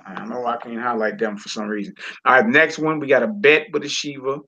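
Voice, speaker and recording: Gravelly man teaching a casual lesson. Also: medium pitch, quick pace, a little hiss or hum. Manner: relaxed, informal, talks while working the screen. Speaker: Hebrew teacher. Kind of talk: casual online class lesson. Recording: lo-fi recording.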